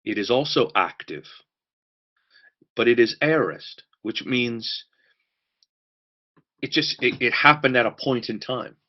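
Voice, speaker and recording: A man's voice: mid-range voice, takes it slowly, long pauses, lo-fi sound. A man teaching a church course, emphatic and repeating key words for stress.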